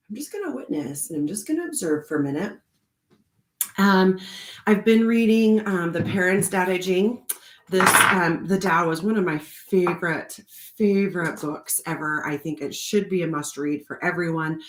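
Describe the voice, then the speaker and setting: A woman casually telling a personal story with many fillers, now and then jumping into a high voice to act out what she said. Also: reverberant. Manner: chatty, many fillers, acts out quotes in a high voice. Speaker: host of a card reading channel.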